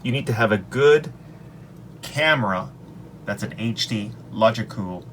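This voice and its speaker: Recorded on an extension-arm desk mic in his office, a male English teacher walks upbeat through his lesson slides, saying every example sentence clearly. His voice is lowish and expressive, a bit slow, with a little hiss or hum.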